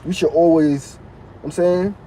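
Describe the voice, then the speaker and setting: A man's voice: fairly high pitch, fairly even intonation, a little slow, dark tone, a little hiss or hum, poor audio. A man hosting a casual live stream, reading viewers' comments aloud and answering them in loose, slangy street talk.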